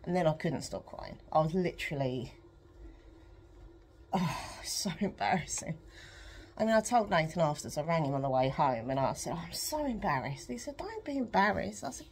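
A woman's voice: deep voice, big pitch swings, moderate pace, darkish tone, slight background noise. A woman chatting candidly to camera at home while pedalling an exercise bike, rambling and emotional with frequent laughs. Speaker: vlogger. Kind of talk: rambling personal chat to camera.

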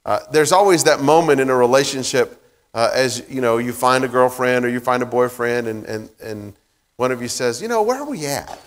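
A man's voice: medium pitch, steady tone, moderate pace. A man preaching a sermon in a casual, conversational way, with many fillers and restarts. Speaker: pastor. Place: church sanctuary. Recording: long reverb of a church hall.

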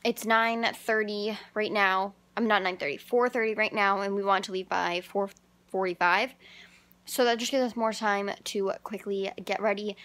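A woman's voice: mid-range voice, steady tone, moderate pace, no echo. A young Canadian woman vlogging in a casual, upbeat, chatty way, full of "like" and "super". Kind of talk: casual vlog chat. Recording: loud traffic noise behind. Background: car and street noise.

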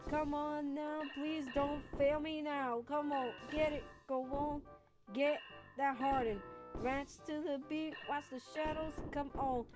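A woman's voice: high voice, steady tone, slow pace, over music. A woman streaming a video game live, reacting aloud to the play and chatting with her viewers. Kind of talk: live gaming stream chat.

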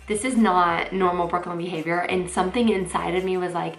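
Chatty woman vlogging, slightly low voice. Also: a little fast, creaky, faint music behind. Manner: excitable, chatty, filler-heavy. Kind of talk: casual vlog talk to camera. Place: parked car. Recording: roomy echo with faint noise.

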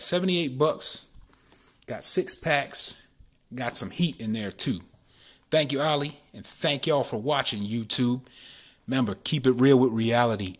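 A man, chatting excitedly while opening sports card packs at home and keeping his voice down. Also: medium pitch. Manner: excited, chatty, says y'all often; keeping voice down while kid sleeps. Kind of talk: casual card-opening vlog. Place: home, at night.

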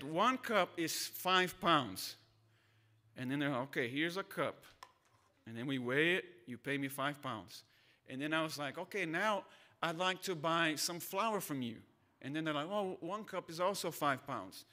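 A man's voice: a little high, normal speed, sharp tone. A man from Brazil, a pastor, preaching a sermon in a conversational, storytelling way. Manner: conversational, storytelling with acted voices.

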